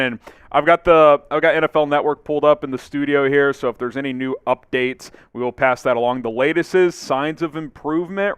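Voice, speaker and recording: A man hosting a live sports talk stream from a studio. He reads out viewers' names and chat comments and gives shout-outs in an upbeat way. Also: mid-range voice, clear, resonant tone, no room sound. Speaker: sports show host.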